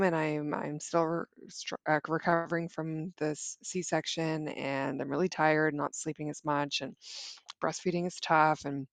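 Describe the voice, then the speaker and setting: A woman tells a personal story as an interview guest, her voice gravelly with steady vocal fry. She speaks haltingly, restarting phrases, and the recording is close and dry with no room sound. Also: deep voice, no room sound. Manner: halting, frequent restarts and fillers.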